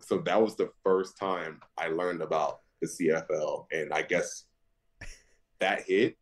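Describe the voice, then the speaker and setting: A man with a very deep voice tells stories as a podcast guest, full of laughter. He jumps way up in pitch when he quotes people, then settles back low. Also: fairly even intonation, normal speed. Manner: laughs through stories, jumps high when quoting others. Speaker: interview guest, football linebacker. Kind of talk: animated storytelling.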